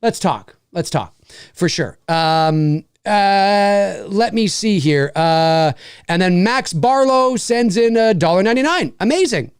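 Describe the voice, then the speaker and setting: Excitable man reading out donations. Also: sits high, slow, clean tone, no echo, studio quality. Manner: swings between shouting and mumbling, swears a lot. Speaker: livestream host. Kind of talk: excited live donation readout.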